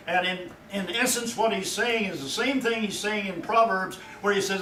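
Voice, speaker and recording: A male pastor preaching a sermon in a folksy way, his voice rising and loud whenever he quotes God. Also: high voice, moderate pace, few pauses, slight background noise. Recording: echoey room from far off.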